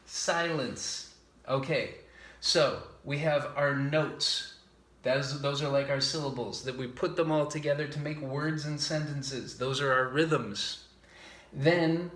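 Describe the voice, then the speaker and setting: A man's voice: a little high, bright, forceful tone, reverberant. A man teaching a music class to young children, patient and simple, chanting rhythm syllables as he explains.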